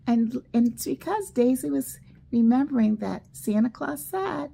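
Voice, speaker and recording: A woman teaching a children's church school lesson, telling stories slowly and acting out the quoted lines. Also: fairly high pitch, creaky, husky. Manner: slow, animated storytelling with quoted voices. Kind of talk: children's Bible lesson storytelling.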